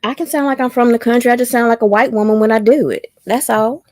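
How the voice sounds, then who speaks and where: Woman in relaxed casual chat, dry sound. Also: on the high side, quick pace, dry recording. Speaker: chat participant.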